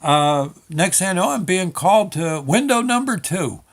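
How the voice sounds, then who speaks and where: Older guy, slightly high voice, halting and rambling, deadpan comic storytelling. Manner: rambling, halting, full of fillers and restarts. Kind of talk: comic monologue with quoted dialogue.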